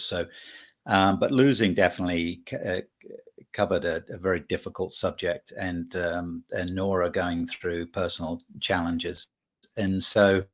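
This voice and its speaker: Author guest, male, middle-aged: very low, husky voice, halting and full of restarts. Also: fairly bright tone. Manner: halting, many fillers and restarts. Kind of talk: casual interview talk.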